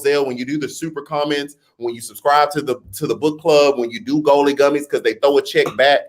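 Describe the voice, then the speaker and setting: A man hosting a casual live-stream chat, talking straight to his viewers, now and then slipping into a playful newscaster voice. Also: medium pitch. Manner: chatty, talks straight to viewers, laughs at himself; jokingly puts on a newscaster voice. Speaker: host.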